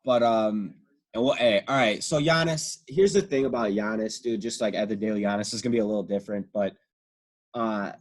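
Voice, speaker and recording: Profane, excitable young man. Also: fairly low pitch, brisk. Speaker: podcast co-host. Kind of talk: casual sports podcast chat.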